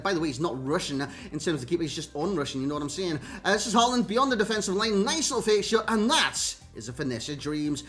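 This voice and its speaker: A man's voice: high voice, a bit bright. A Geordie man giving chatty commentary over gameplay clips, calling his viewers lads and mate. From North East England. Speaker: gaming YouTuber. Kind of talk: casual video game commentary.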